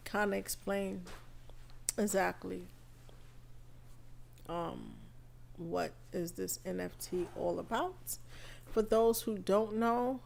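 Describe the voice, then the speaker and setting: A woman hosting a live podcast stream, feeling under the weather and chatting in an unhurried, rambling way full of fillers. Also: medium pitch, vocal fry, a little mellow, slight background noise. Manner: unhurried, chatty, thinking aloud with many fillers. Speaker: podcast host. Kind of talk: casual live-stream talk.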